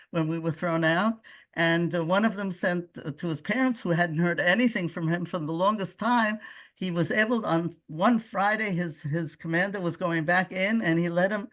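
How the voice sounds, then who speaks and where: Older Brooklyn woman telling stories. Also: lowish voice. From United States. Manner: lively anecdotal storyteller, frequent self-corrections. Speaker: guest speaker. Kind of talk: personal storytelling talk.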